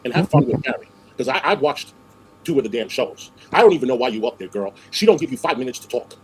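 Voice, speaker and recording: A man's voice: mid-range voice, animated, fast, slight background noise, poor audio. A man hosting a livestream, talking in a sassy, scolding way and calling people girl and honey. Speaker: livestream host. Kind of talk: casual livestream chat.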